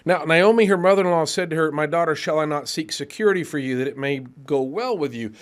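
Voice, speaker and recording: A man leads a Bible class in a church, reading scripture aloud and explaining it. His voice sits a little high, and he grows animated, hurrying when excited before checking himself to slow down. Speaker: preacher.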